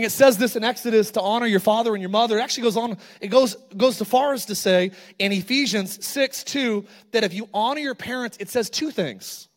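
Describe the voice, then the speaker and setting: A middle-aged male pastor preaching a sermon, telling stories with energy and building to loud, emphatic calls to the congregation. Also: high-pitched.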